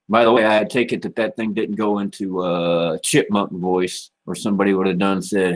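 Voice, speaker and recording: A man with a lowish voice chats casually to viewers on a livestream. He rambles in a relaxed, easygoing way, dropping "man" and "you know" often. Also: unhurried. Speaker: livestream host.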